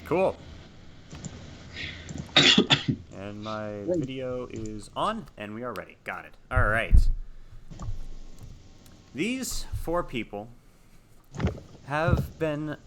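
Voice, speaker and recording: A man narrating and hosting a tabletop horror game as game master, in a relaxed, conversational way. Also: mid-range voice, background noise.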